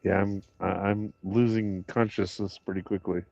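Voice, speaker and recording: A man's voice: fairly low pitch, flat delivery, normal speed, vocal fry, darkish tone, dull audio, a little hiss or hum. A man calling into a stream, chatting casually and ribbing the host in a laid-back way. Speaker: caller on the stream. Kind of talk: casual chat.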